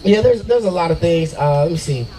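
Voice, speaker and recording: Brash profane stand-up comic. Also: male voice, a little high, lively intonation, a little fast, mellow, poor audio. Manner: brash, profane, riffing with the crowd. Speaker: stand-up comedian. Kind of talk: stand-up comedy set. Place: brewery open mic night.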